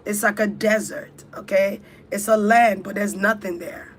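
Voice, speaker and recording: A woman guides listeners through a spiritual ritual in a fervent voice, repeating short commands like a chant. Her pitch sits in a middle range. Faint noise hums under the recording. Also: fairly even intonation, unhurried, hardly any pauses. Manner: fervent, repetitive chant-like exhortation. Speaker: spiritual speaker.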